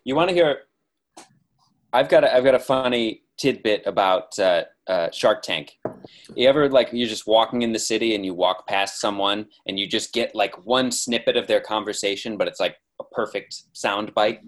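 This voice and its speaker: A man's voice: lowish voice, normal speed. A man in a casual chat over a video call, telling rambling anecdotes with many restarts.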